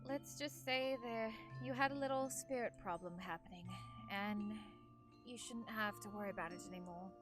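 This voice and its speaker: A woman's voice: mid-range voice, normal speed, music in the background. A woman playing in a tabletop game, talking in character in a soothing, reassuring way. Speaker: player. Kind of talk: in-character role-play.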